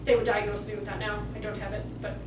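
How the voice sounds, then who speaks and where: A woman in her forties, a behavior trainer giving a lively, sassy workshop talk to childcare staff and acting out the children's voices. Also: mid-range voice, fast talker. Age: 40s. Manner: lively, sassy storytelling, acts out kids' voices. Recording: echoey room, distant mic, faint noise.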